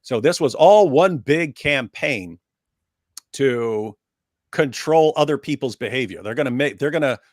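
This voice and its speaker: A man's voice: medium pitch, expressive, measured pace, no room sound, clean studio sound. A man on a call-in livestream panel, making an emphatic argument and often repeating phrases as he builds his point. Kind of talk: livestream discussion, recounting and arguing.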